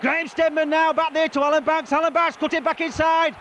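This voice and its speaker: Man, hoarse, excitable match commentator rattling off names, pitched very high, noisy outdoor feed. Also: brisk. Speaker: rugby league commentator. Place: outdoor rugby ground.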